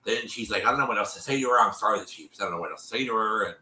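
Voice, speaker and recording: A man hosting a show, recapping an episode in casual chat, animated and full of fillers, with a cough. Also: on the low side, very fast, reverberant, low-quality recording. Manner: animated, lots of fillers and repeats, acts out quotes.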